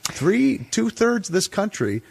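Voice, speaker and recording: Husky, foul-mouthed storytelling man. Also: a little slow. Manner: animated, swears constantly, acts out quoted people in higher voices. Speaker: guest storyteller. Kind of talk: profane casual storytelling.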